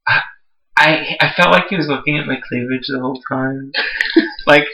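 Excitable guy rambling with lots of "like", super bright sound, echoey room. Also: mid-range voice, moderate pace, vocal fry. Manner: gushing, rambling, full of "like". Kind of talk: casual chat, storytelling.

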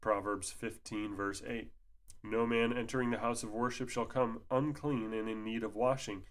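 A man's voice: on the low side, fairly even intonation, moderate pace. Sarcastic man reading and mocking. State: sleepy, yawning. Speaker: commentator. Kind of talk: reading aloud with commentary.

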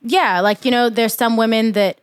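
A woman guest on a podcast, explaining things in a measured, casual way. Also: on the high side, steady tone, clear, resonant tone, no room sound, clean studio sound.

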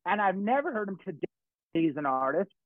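A middle-aged Californian man tells stories in casual conversation, rambling, swearing, and restarting often. His high voice swings widely in pitch at a brisk pace, and the sound is tinny, phone-like, and dry without echo.

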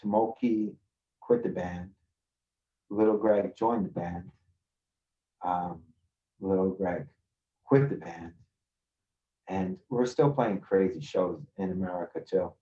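A man from Queens, a podcast guest telling rough street stories in a swaggering, profane way over a video call. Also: deep voice, sing-song, takes it slowly, long pauses, mellow, lo-fi sound. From Queens, New York. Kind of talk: casual storytelling.

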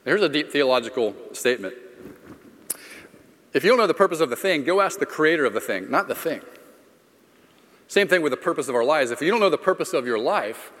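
Middle-aged male pastor, casual storyteller with jokes at his own expense, slightly high voice, long reverb of a big room. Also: expressive, fairly quick, pauses often, fairly bright tone. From Florida. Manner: conversational storyteller, self-deprecating humor. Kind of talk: sermon with personal story.

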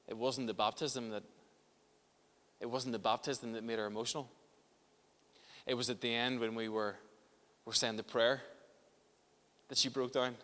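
A man's voice: medium pitch, pushed and bright, big-room sound. A man preaching a sermon as pastor in a church, impassioned, often restarting and repeating words.

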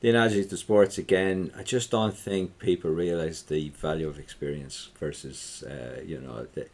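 Deep-voiced Irish man, rambling. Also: steady tone, moderate pace. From Ireland. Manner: rambling, many restarts, trailing off quietly. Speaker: guest, tech entrepreneur. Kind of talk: casual interview chat.

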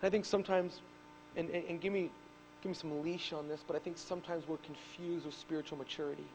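High-voiced pastor preaching with animated stories. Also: male voice, fast, a little hiss or hum, poor audio. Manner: animated storytelling, shouts on key points. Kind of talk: sermon. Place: church.

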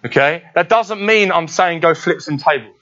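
A man's voice: a little high, normal speed, bright, forceful tone, dull audio. A man preaching a conversational sermon who often checks in with "yeah?". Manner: conversational, keeps asking "yeah?". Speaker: pastor.

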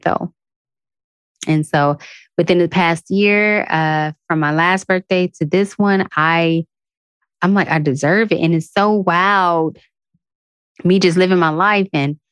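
A woman's voice: fairly low pitch, no room sound. A woman hosting a podcast, giving an earnest, emotional motivational talk full of affirmations, speaking to her listeners like a friend. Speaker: podcast host. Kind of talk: motivational self-help talk.

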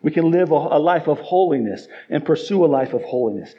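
A man's voice: on the high side, expressive, a little fast, breathy edge, muffled recording. A male pastor preaching a sermon emphatically, acting out quoted voices along the way. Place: church.

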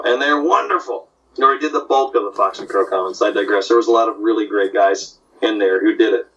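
An older man who works as a comic artist tells stories in a casual, animated way, doing voices for the characters in his anecdotes. His voice is medium in pitch, and the recording sounds distant and muffled.

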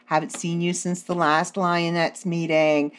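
A woman's voice: on the low side, flat delivery, a little slow, natural voice. A woman voicing a teenage girl who poses as a chatty suburban mother on the phone, gushing and overly friendly. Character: teen girl posing as chatty suburban mom.

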